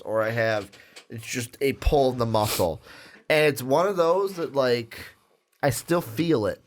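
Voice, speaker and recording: A man hosting a casual podcast chat, excitable and rambling with lots of fillers. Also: mid-range voice, unhurried. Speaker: podcast host.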